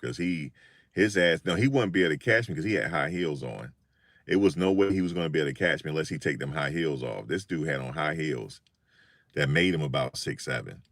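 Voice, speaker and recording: An older man telling funny stories in a casual, animated monologue, often repeating himself. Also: a bass voice, fairly quick, dry recording, studio quality. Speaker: vlogger.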